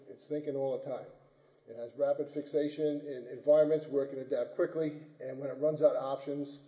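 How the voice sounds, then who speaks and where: Folksy male lecturer in an echoey hall. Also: fairly high pitch. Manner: folksy, joking, many restarts and tag questions. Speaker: turfgrass lecturer. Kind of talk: conference lecture. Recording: dull, roomy hall recording.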